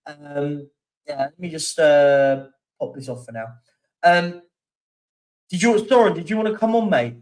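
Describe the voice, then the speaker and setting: Chatty man with a fairly high voice. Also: a little slow, darkish tone, distant mic. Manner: rambling, chatty, reads out stats with many fillers. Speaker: livestream host. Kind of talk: casual live-stream chat reading viewer comments.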